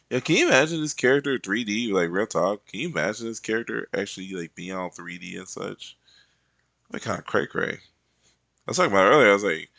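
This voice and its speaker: A man's voice: medium pitch, expressive, normal speed, creaky, fairly bright tone, no room sound. A man chatting casually while he works on digital art, rambling and playful, drifting into humming and little songs between remarks. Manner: rambling and playful, hums and sings to himself. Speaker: digital artist and content creator.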